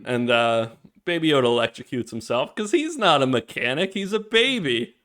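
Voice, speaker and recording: A man's voice: medium pitch, very animated, moderate pace, a bit bright. A man in a casual podcast chat, leading a recap of the episode and laughing often.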